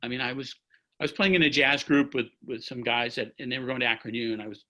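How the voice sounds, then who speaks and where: Bright-voiced man in his sixties, rambling storyteller. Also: medium pitch, steady tone, quick pace, poor audio. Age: 60s. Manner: long-winded, rambling, full of restarts. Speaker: orchestra trumpet player, guest. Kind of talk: anecdotal storytelling in an interview. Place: at home by his music stand.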